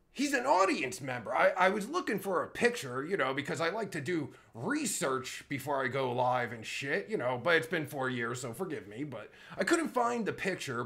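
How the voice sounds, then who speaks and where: A crude, exasperated man rants live into his phone, his pitch jumping wildly from low grumbles to high squeals. He sounds worked up, swears constantly, and breaks off mid-sentence. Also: vocal fry, fairly bright tone. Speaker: live streamer. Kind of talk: profane comedic rant. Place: at home, streaming live.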